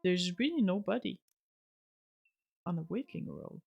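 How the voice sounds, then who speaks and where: A woman streamer giving soft-spoken, chatty commentary while playing a game, often restarting her sentences. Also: on the low side, expressive, measured pace, vocal fry, slightly rough, dull audio.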